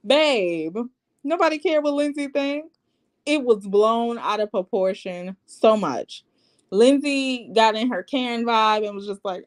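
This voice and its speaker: A woman's voice: fairly high pitch, slow. A woman recapping a reality TV episode in casual, sassy commentary, acting out quotes as she goes. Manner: sassy and animated, quoting people in put-on voices.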